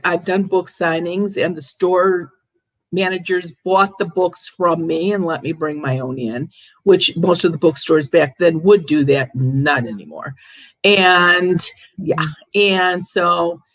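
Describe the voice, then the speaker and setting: An older woman hosting a casual chat, telling stories in a chatty, animated way with frequent restarts. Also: fairly low pitch, no room sound, dull audio. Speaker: host, ghost medium.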